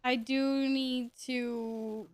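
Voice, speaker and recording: A woman's voice: sits high, little pitch movement, very slow. A woman live streaming, chatting casually and playfully while gaming, teasing viewers and laughing often. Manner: chatty, greets viewers and jokes with them.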